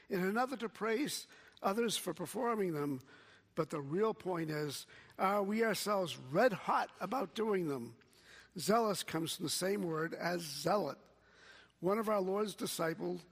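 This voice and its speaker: A man preaching a sermon as pastor, slow and measured, quoting scripture. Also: sits high, big-room sound.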